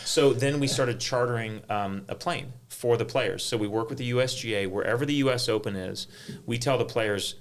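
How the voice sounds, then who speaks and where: A middle-aged man, a golf tournament director, telling stories in an animated way on a panel, full of "like" fillers. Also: mid-range voice, moderate pace. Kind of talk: panel conversation, storytelling.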